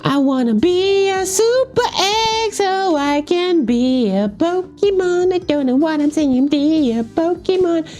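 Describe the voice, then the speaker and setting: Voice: very high-pitched, lively intonation, takes it slowly, few pauses, faint music behind, exaggerated voice. A player voicing a clingy little radish son who whines and pleads with his dad, in a game voice-over. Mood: whiny pleading. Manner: whiny, pleading, often shouting "Dad".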